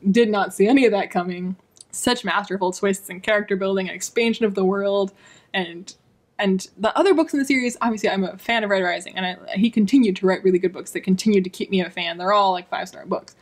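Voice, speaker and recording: Woman, book vlog host, chatty and gushing, mid pitch. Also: a little fast. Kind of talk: casual book review vlog.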